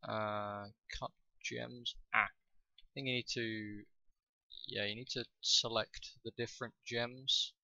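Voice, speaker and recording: A man giving casual commentary over his own gameplay, thinking aloud with frequent fillers and pauses. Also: mid-range voice, level tone, creaky, sharp tone, no echo, rough recording. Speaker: gaming video host.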